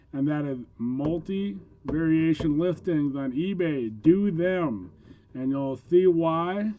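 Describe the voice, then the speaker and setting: Casual reseller vlogger, a man with hard-of-hearing speech and a cold, unhurried and dry-miked. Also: a little high, a little mellow, dry recording, highs cut off. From Minnesota, USA. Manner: chatty, with frequent ums and small laughs. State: voice rough from a cold. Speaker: eBay reseller. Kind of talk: casual sales vlog.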